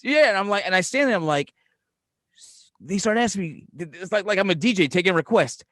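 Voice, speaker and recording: Animated, profane Brooklyn man. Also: sits high, brisk, no room sound, clean studio sound. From Brooklyn, New York. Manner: profane, animated storytelling with laughter. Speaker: podcast co-host. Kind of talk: casual chat.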